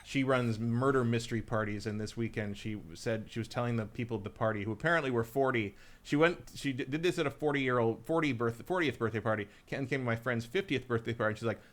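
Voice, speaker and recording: A man's voice: mid-range voice, fast. A middle-aged man co-hosting a podcast, telling rambling stories in casual chat, with lots of restarts and the odd swear word. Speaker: podcast co-host.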